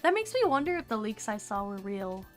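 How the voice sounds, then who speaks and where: A woman's voice: medium pitch, a little fast, soft background music. Chatty young woman streamer with hiccups. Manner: chatty, excitable, swears casually. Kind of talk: casual livestream reaction.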